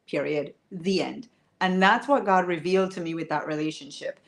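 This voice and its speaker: Female coach, lowish voice, emphatic storytelling, hushed to raised. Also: moderate pace. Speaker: women's wealth coach. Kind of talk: personal storytelling to an online audience.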